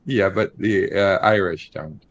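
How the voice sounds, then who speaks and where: A man's voice: low voice, unhurried, dry recording. A man hosting a casual online panel chat, dry and joking.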